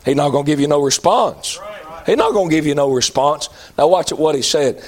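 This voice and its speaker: High, lively, emphatic male preacher. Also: a little fast. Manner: emphatic, folksy, repeats lines for effect. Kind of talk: sermon.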